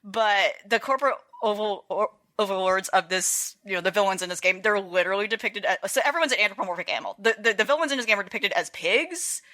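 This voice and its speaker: Woman, podcast co-host, bright voice, casual rambling chat, lots of filler words. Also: medium pitch, animated, quick pace, few pauses. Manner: rambling, lots of fillers and restarts, laughs often.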